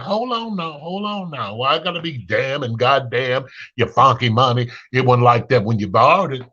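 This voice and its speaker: A man from Chicago, hosting a talk show and delivering a blunt, sassy, unscripted rant, his pitch jumping high when he is exasperated. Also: animated, moderate pace, hardly any pauses, pushed and bright, muffled recording.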